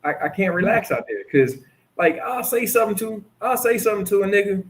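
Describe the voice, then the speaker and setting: A man, casually chatting and telling stories, swearing freely and jumping into higher voices when quoting people. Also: a little fast, a little hiss or hum. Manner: animated storytelling, swears freely, acts out quoted lines in a higher voice. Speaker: streamer host. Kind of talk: casual chat.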